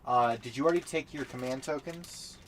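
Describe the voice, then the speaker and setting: A man's voice: mid-range voice, fairly quick, a little hiss or hum. A man casually chatting while setting up a tabletop game on a live stream, often mumbling to himself as he sorts pieces.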